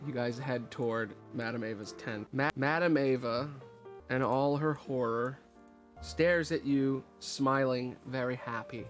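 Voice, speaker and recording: A man's voice: mid-range voice, unhurried, soft background music. A man narrating a tabletop game as game master in a casual, wry way.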